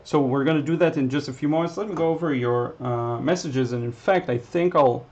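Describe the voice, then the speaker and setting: A man with an Israeli accent, a native Hebrew speaker, teaches watercolor casually on a livestream and answers chat questions. His voice sits on the high side and moves briskly, with the highs cut off. He's relaxed and thinks aloud, full of fillers and restarts.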